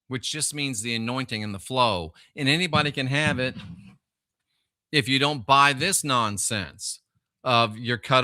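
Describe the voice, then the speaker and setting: Emphatic man with a sharp voice. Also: medium pitch, clear, resonant tone, dry recording, clean studio sound. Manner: emphatic and preachy, with sudden loud bursts. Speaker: livestream host reading chat. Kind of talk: solo livestream rant.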